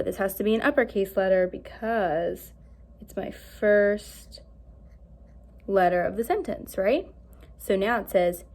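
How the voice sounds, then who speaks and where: Cheerful woman teacher for a recorded lesson for small kids, clear and animated. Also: medium pitch. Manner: animated, slow and clear, asks pupils questions. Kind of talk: recorded early-grade lesson.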